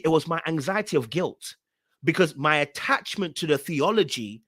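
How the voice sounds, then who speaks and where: A young man, hosting a podcast and telling a personal story in an animated way, repeating phrases for emphasis. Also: fairly high pitch, a little fast, husky, no echo, studio quality. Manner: animated, repeats phrases for emphasis, acts out his own past words. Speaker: podcast host. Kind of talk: storytelling talk.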